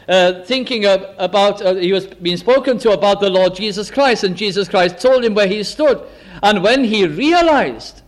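A man preaching a sermon, quoting scripture in old English and dropping his voice low and soft for emotional asides.

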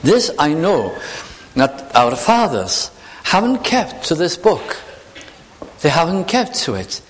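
Earnest preacher, lively pitch. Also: male voice, slight background noise. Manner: earnest, reads scripture slowly with emphasis. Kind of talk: sermon.

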